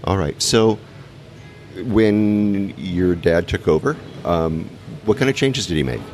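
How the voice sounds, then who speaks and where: A man's voice: low-pitched, expressive, slow pace, darkish tone, soft background music. A man hosting a travel show, interviewing casually in a restaurant and joking with viewers. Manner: easygoing, joking asides to viewers.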